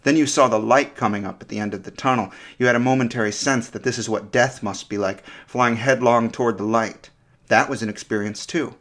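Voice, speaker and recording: A man's voice: mid-range voice, fairly even intonation, fairly quick, a bit bright. A man hosting a podcast, giving a scripted, reflective explanation that often turns to ask the listener questions. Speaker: podcast host.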